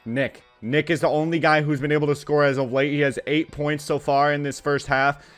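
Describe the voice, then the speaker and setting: A man with a fairly high voice hosts a gaming channel and comments on his own basketball video game, with faint game music underneath. Excitable yet easily exasperated, he lectures the players on screen in relaxed speech full of slang and cursing.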